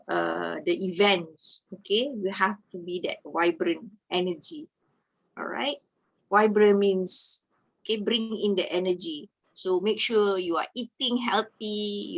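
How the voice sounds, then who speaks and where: A woman's voice: medium pitch, fairly bright tone, low-quality recording. A woman from Malaysia giving a teacher-training webinar over a video call, tagging nearly every phrase with "okay" and "all right" and slipping into Malay now and then. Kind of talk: webinar lecture.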